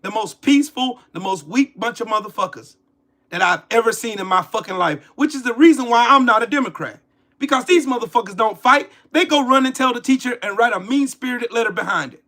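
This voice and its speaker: Forties male streamer, heated and cursing, raised pitch, sharp edgy tone. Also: expressive, a little fast. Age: 40s. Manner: profane, heated, repetitive. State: pissed off with a headache. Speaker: political commentary streamer. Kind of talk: angry ranting commentary.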